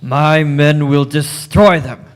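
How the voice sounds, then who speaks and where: A stern Egyptian warlord , acted by a man, commands his soldiers in short, clipped orders. His voice sits somewhat high, and it is a live fan radio play. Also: fairly even intonation, slow pace.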